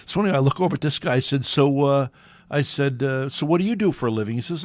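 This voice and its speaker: A man's voice: mid-range voice, fast talker. A man who hosts a local talk radio show, telling a rambling anecdote in casual conversation and acting out other people's lines along the way. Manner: animated, rambling, acts out other people's voices.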